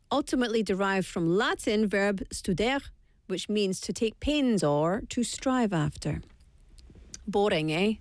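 A Scottish woman hosts a live radio show, chatting playfully into a studio microphone and joking at her own expense. Her voice sits at medium pitch, with no echo.

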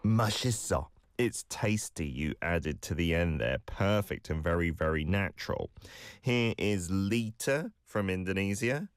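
Male language-podcast host, very deep, dry sound, warm encouragement and patient corrections. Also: expressive, moderate pace, no room sound. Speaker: language teacher hosting listener clips. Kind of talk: podcast lesson feedback.

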